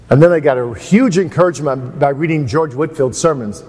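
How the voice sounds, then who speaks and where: A man's voice: mid-range voice, expressive, moderate pace, a little mellow, slightly rough. A man giving a conversational, anecdotal teaching sermon at a seminar, speaking with a self-deprecating manner. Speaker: preacher at a seminar. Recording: long hall reverb.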